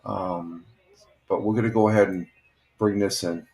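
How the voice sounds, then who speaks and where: An older man hosting a casual morning live stream, talking in a halting, rambling way and reading out viewers' comments. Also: low voice, steady tone, creaky, a little mellow. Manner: rambling, halting, reads chat comments aloud. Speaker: livestream host.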